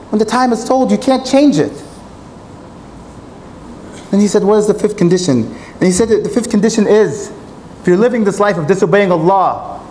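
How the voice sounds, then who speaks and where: A man's voice: high voice, darkish tone, a little hiss or hum, poor audio. A man preaching a sermon in a mosque, earnest and storytelling. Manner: earnest, retelling a story with quoted dialogue.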